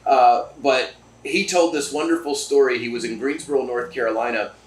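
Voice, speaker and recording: A man's voice: medium pitch, moderate pace. Chatty enthusiastic man in a roomy distillery. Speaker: podcast host. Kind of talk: casual chat. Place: distillery room. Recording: roomy, distant mic.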